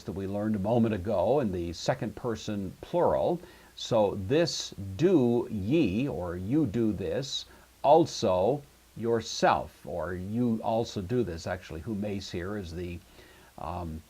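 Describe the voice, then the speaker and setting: A low, husky male voice works through a grammar lesson at a steady, methodical pace. He thinks aloud as he goes and fills his pauses with "uh." The sound is calm and unhurried, like a classroom lecture. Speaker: Greek teacher. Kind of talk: recorded lecture on Greek grammar.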